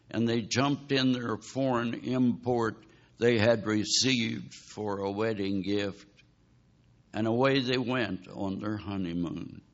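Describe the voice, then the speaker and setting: Slow, low-voiced preacher on lo-fi recording. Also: male voice. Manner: dramatic storytelling, pleading with listeners. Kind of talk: sermon. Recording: dull lo-fi recording.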